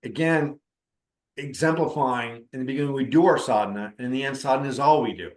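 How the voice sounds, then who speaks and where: A man's voice: medium pitch, brisk, roomy sound. A middle-aged man, a spiritual teacher and counselor, telling a story in a conversational way and acting out the dialogue. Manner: conversational, acts out quoted dialogue. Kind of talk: storytelling talk on spiritual practice.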